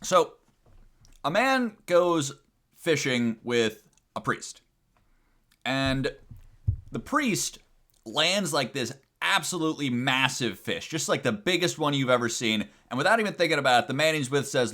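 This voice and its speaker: Animated bright-voiced male streamer. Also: on the high side, normal speed. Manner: animated storyteller, laughs often. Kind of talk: casual chat and joke telling.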